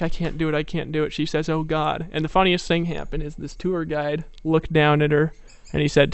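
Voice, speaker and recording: Gravelly-voiced man giving a motivational sales pitch. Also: no echo. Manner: persuasive storytelling, rhetorical questions. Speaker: network marketing presenter.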